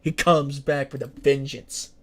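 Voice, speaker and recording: A man's voice: mid-range voice, flat delivery, measured pace, a bit bright. A man streaming a strategy game in a casual way, reading the game's text aloud, stumbling over words and joking in between. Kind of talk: strategy game livestream commentary.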